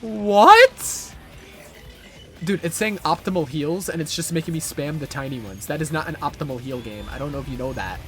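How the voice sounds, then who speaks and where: A young man live-streaming a game, slightly higher-voiced than most, with a bright, forceful edge. He swears, rants and groans at the boss in bursts of frustration, with quiet music behind him. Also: animated, normal speed. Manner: frustrated ranting, swearing, repeated outbursts. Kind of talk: live gameplay commentary.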